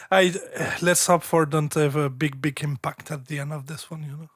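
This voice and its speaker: A man's voice: on the high side, steady tone, moderate pace, no echo, studio quality. A man hosting a live stream that reviews listeners' tracks, chatting casually, repeating words and breaking into giggles. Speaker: host reviewing submitted tracks.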